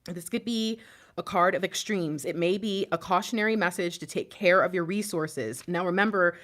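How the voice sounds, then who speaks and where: A woman giving an emotional tarot reading to her viewers, swinging between hushed whispers and loud impassioned pleading, shaking and near tears. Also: fairly low pitch, normal speed. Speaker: intuitive tarot reader.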